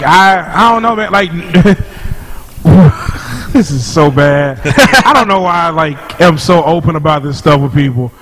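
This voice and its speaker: A man chatting as a podcast guest, telling stories in an animated way and laughing often. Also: fairly high pitch, a little hiss or hum, low-quality recording. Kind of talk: casual chat.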